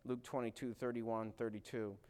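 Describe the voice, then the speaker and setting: A man's voice: mid-range voice, level tone, normal speed, darkish tone. A man preaching a sermon, earnest and direct, asking his listeners questions and acting out quoted lines with growing force.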